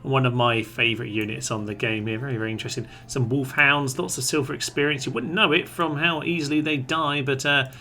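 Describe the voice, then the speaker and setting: A man's voice: medium pitch, fairly even intonation, a little fast, few pauses, sharp tone, slight background noise. A man giving chatty let's-play commentary on a strategy game, playfully addressing his troops aloud. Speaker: gaming commentator.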